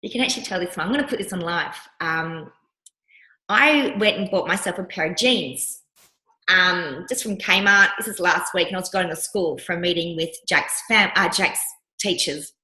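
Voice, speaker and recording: A woman's voice: fairly low pitch, moderate pace. A woman coach teaching a workshop, telling personal stories and acting out the voices she quotes. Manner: animated storyteller who acts out the voices she quotes. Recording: roomy echo.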